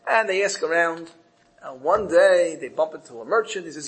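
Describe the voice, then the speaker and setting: A man with a fairly high voice teaches a Torah lesson. He tells a parable in a storytelling way and lifts his voice when he quotes the characters. He often repeats words and restarts phrases as he goes. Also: expressive, a little fast, a bit bright, poor audio.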